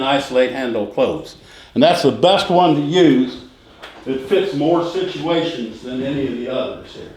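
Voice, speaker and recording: A middle-aged man teaching a sales training class, repeating key phrases and quizzing the room with quick questions. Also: a little high, a little mellow. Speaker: real estate sales instructor. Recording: echoey room with faint noise.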